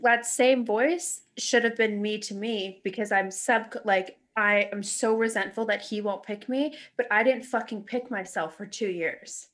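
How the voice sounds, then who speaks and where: A woman's voice: medium pitch, a little slow, hardly any pauses, fairly bright tone. A woman in a candid conversation, blunt and emotional, swearing freely and acting out her inner voice. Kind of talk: casual heart-to-heart chat.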